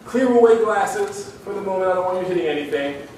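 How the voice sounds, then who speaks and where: A man giving a live seminar talk to an audience, animated and drawing them into call-and-response. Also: high voice, fast talker, a little hiss or hum. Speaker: public speaking trainer. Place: large room with audience. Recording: echoey hall from far off.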